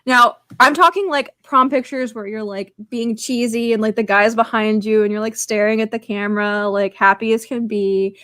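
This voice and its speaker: Chatty higher-voiced woman podcaster. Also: normal speed, hardly any pauses, dry recording. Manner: excitable and chatty, strings stories together with "like". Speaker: podcast co-host. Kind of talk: casual podcast chat.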